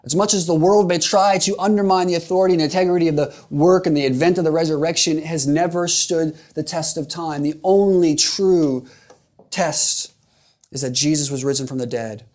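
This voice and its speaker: A man's voice: fairly high pitch, steady tone, fast, few pauses, a little mellow. A man preaching a sermon in an earnest, emphatic way, repeating phrases for rhetorical weight.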